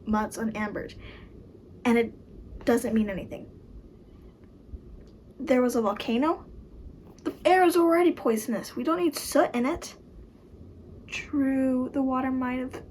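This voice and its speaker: A young woman chatting casually as she reacts to a book she is reading, emotional and quick to exclaim. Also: on the high side, slight background noise, poor audio. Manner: emotional, exclaims and gasps at the story.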